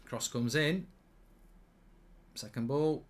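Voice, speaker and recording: Casual football streamer, male, chatty and joking, mid-pitched voice. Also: slow pace. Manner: chatty and jokey, reading out viewer comments. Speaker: football commentator reacting to a live match. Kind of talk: casual live-stream match commentary.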